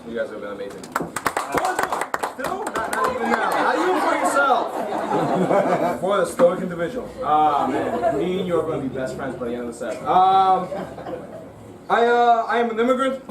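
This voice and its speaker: A man's voice: high voice, fairly quick. Russian-accented man, dry stand-up delivery. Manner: deadpan, dry, teasing the crowd. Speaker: stand-up comedian. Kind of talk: stand-up set. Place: comedy club stage with a laughing audience. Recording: roomy, distant live club recording with crowd noise.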